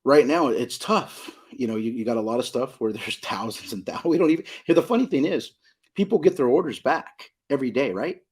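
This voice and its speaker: This middle-aged Southern California card shop owner, a guest on a casual podcast, is emphatic, circles back to his points, and keeps asking "you know what I mean?" He speaks a little fast in an expressive, medium-pitched voice that is darkish and slightly rough.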